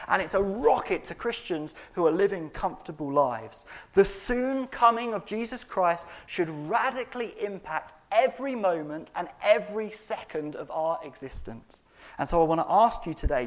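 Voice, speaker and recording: A man preaches from the pulpit with a voice pitched a little high. He leans hard on key words, swings from near-shouts to quiet lines and keeps pressing the congregation with questions. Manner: emphatic, wide swings between loud and soft; asks the congregation rhetorical questions. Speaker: pastor. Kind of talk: sermon.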